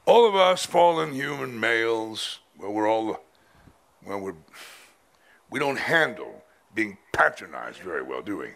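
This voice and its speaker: Man, pastor, sermon, slow deliberate delivery, bright forceful tone, emphatic. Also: lowish voice, very animated, creaky. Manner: dramatic, emphatic, with drawn-out pauses. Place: men's conference.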